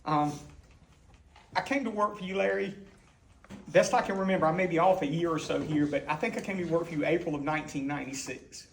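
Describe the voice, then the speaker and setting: A man in his fifties giving a halting, openly emotional tribute speech to his longtime boss. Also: a little high, gravelly, a little hiss or hum.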